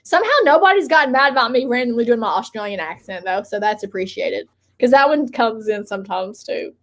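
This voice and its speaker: A woman's voice: on the high side, animated, a little fast. A woman co-hosting a casual livestream, chatty and giggly, rambling through stories with lots of laughter. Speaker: livestream co-host. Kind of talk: casual live chat.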